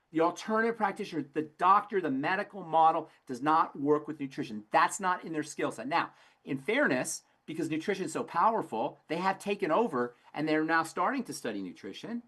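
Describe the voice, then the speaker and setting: A man's voice: on the high side, a bit bright. A man, a pharmacist guest on a call-in health program, speaking emphatically and preachily with frequent restarts.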